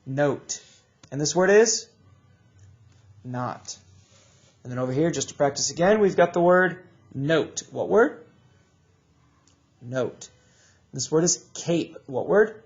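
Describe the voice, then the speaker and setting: A man teaching a recorded reading lesson to children, drilling sounds and words in slow call-and-response. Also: a little high, animated, highs cut off.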